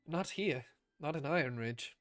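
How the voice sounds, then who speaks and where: A man playing a steady, dutiful king who speaks in a calm, reassuring way. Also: fairly high pitch, unhurried, no echo, soft background music.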